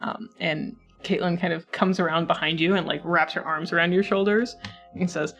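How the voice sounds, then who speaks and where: A woman game master narrates a tabletop scene in a relaxed, chatty way. She pauses often on soft fillers. Faint background music plays. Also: fairly low pitch.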